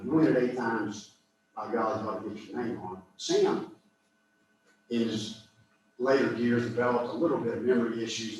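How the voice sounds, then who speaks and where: A man's voice: on the low side, slight background noise. An older man gives a guest talk at a club meeting. He tells folksy stories and chuckles through his own jokes. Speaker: guest speaker. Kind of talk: anecdotal club speech. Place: large clubhouse meeting room. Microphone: distant from the microphone. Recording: echoey room, far from mic.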